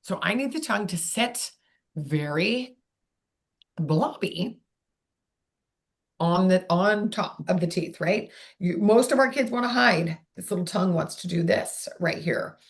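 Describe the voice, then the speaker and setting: A woman's voice: medium pitch, moderate pace, hardly any pauses. A woman speech therapist leading an online workshop in a chatty, digressive way, demonstrating sounds aloud. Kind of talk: live online workshop teaching.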